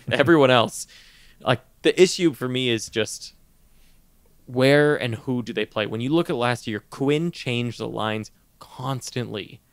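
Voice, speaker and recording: Man, podcast co-host, casual chat, gravelly, animated, stumbles over words, dry close sound. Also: medium pitch, no room sound. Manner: animated, laughs often, trips over words. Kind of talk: casual fantasy sports chat.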